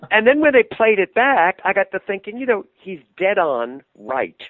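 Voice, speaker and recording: An older man, a puppeteer, telling animated anecdotes in an interview and laughing easily. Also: high-pitched, normal speed, no echo. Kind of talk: interview storytelling. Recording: tinny phone-line sound, dry.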